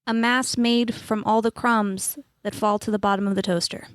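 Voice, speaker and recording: A woman's voice: medium pitch, steady tone, moderate pace, dry recording, studio quality, close to an everyday voice. Miss Tracy, a woman playing a chipper talk-show hostess. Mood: breezy. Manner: upbeat, breezy, talk-show patter. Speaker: host. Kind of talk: improvised comedy sketch.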